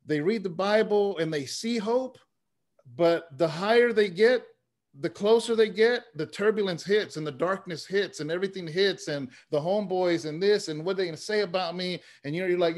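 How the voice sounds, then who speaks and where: A man with a somewhat higher voice tells long personal stories in a relaxed interview. He sounds earnest and plain, and he drops "man" and "you know" into his sentences as he builds to his point. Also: moderate pace. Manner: earnest, story-driven, says "man" often. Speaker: interview guest, pastor and former rapper. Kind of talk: conversational storytelling.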